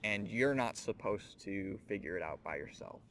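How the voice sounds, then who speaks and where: Earnest and reflective, a man hosting a scripture teaching program addresses the listener directly. He has a fairly low, slightly bright voice with lively intonation and a moderate pace, over a faint hiss or hum.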